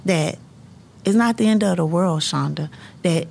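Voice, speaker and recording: A middle-aged woman, a high school counselor, telling personal stories in an earnest, faith-filled way and breaking into laughter. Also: unhurried, vocal fry, a little mellow. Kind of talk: personal storytelling in conversation.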